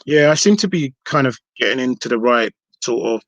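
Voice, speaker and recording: A man's voice: medium pitch, lively intonation, brisk, a bit bright, no echo. A man, a hip hop artist talking casually in a podcast interview, rambling with many restarts and fillers.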